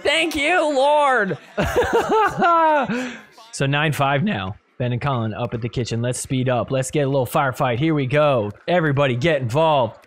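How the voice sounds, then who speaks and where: A man hosting a podcast, giving animated play-by-play commentary over match replays and laughing often. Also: medium pitch. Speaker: podcast host. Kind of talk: excited sports recap commentary.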